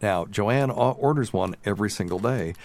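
A man hosting a radio talk show, telling funny stories in a relaxed, animated way and laughing along. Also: on the low side, normal speed. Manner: animated storyteller, laughs at his own stories. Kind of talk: casual storytelling chat.

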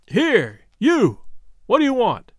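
Man doing a hulking fisherman outlaw, shouting threats, high lively pitch, dry sound. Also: takes it slowly, dry recording, heavily acted. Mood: threatening. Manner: loud, threatening, hailing across water.

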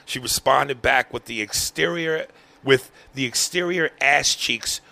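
A man hosting a podcast, reading a listener's email aloud in a profane, animated way. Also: mid-range voice, a little slow, vocal fry. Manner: profane, animated, breaks into laughter. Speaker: podcast host.

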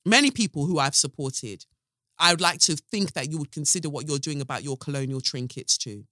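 A young woman hosting her own podcast, ranting bluntly and sarcastically, swearing freely and swinging between loud jabs and hushed asides. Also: low voice, a little fast, no room sound, studio quality. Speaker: podcast host. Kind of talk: animated solo podcast rant.

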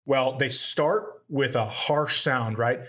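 A man's voice: medium pitch, slow pace, a bit bright. A man co-hosting a comedy podcast, telling rambling stories in casual chat and acting out the voices of people in them. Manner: rambling storyteller, acts out quotes. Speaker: podcast co-host.

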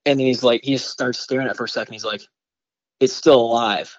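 An excited, rambling man from Michigan tells a long story as a podcast guest, with plenty of "like" and "you know". His voice sits at an everyday pitch. The audio is dull and lo-fi and very dry, with no room sound. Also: rapid-fire, dry recording. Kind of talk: casual storytelling in a podcast interview.

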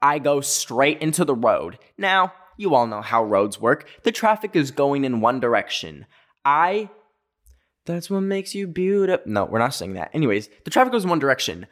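A young man from North America tells a story in a loose, conversational way. His speech is full of fillers and quick asides, and he catches himself mid-sentence. His voice sits at an ordinary middle pitch. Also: sing-song, a bit bright. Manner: chatty, full of "like" fillers, jumpy self-corrections. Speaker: vlogger. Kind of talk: casual storytelling.

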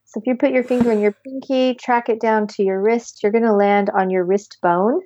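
A woman guiding a tapping session with calm step-by-step instructions, sighing deeply between phrases. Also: a little fast, dry recording, highs cut off. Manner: calm step-by-step instructions, leading group repetition. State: deep audible sighs and yawns between phrases. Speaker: tapping practitioner. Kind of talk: guided tapping session with breathing.

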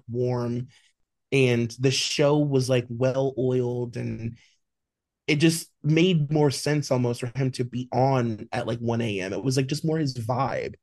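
A man's voice: mid-range voice, darkish tone, no echo, clean studio sound. Man ranting on a gossip podcast. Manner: emphatic, ranting, swears. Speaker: podcast co-host. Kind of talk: casual pop-culture chat.

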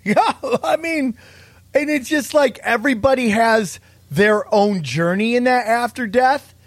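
A man's voice: extremely high pitch, a little slow, no room sound. A man in casual conversation, talking earnestly and emphatically and saying "man" often. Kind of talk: casual chat.

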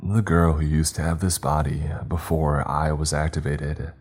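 A man reading a first-person story aloud in a measured, dramatic way. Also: very deep voice, level tone, a little mellow, husky, soft background music. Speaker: audiobook narrator. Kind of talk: scripted first-person narration.

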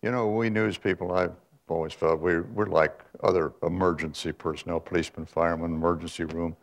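An older man recounts his career as a newsman in a slow, measured way, pausing and restarting as he thinks. His voice sits very low and has a gravelly, creaky texture. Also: steady tone. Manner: measured, with frequent pauses and restarts. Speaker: guest, veteran newsman. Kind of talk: reflective conversational storytelling.

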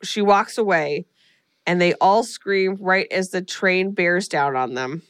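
A woman's voice: on the low side, slow pace, clear, resonant tone, no room sound, clean studio sound. A woman co-hosting a podcast, recapping a horror movie in casual chat and acting out the characters' lines. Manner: animated storyteller, acts out quotes. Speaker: podcast co-host.

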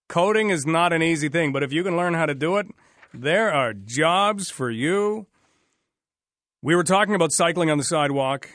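Sarcastic, chatty male radio host from Canada with a slightly high voice and a dry close-mic sound. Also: expressive, moderate pace, a bit bright, no echo. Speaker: radio talk show host. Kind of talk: casual radio talk.

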